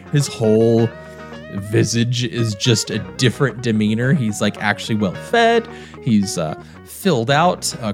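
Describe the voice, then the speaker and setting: Guy running a tabletop game, lively up and down voice, casual rambly narration. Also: mid-range voice. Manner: casual, many fillers and restarts. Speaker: game master.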